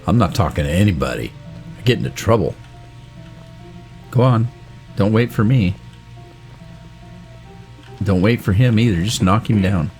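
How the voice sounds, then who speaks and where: A man's voice: on the low side, expressive, normal speed, long pauses, darkish tone, faint music behind. A man playing a game and joking along with the characters in a wisecracking way. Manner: wisecracking, talks back to characters. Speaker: gamer doing a let's play. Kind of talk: joking let's play commentary.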